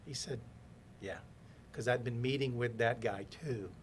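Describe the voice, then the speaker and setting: A man at an ordinary middle pitch tells workplace stories in a relaxed podcast chat. He dramatizes every exchange and slips into the voices of the people he quotes. A low rumble hums faintly behind him. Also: measured pace. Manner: animated storyteller acting out quoted voices. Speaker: podcast guest, business consultant. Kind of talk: casual storytelling interview.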